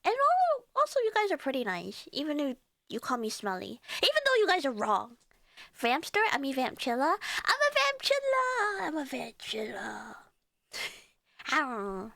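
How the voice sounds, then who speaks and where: A woman's voice: sits high, huge pitch swings, moderate pace, a bit bright, no echo, studio quality. A young woman streamer chatting casually with her live chat, giggling often and reading messages aloud.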